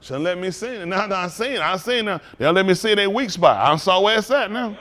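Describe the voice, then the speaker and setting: A man preaching as a pastor in a fiery talk, swinging from low mutters to loud outbursts. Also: animated, brisk.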